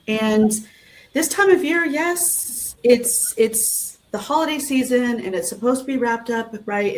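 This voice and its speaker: A woman's voice: a little high, low-quality recording. A woman co-hosting a live talk show, reflective and affirming as she shares her thoughts. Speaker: show co-host.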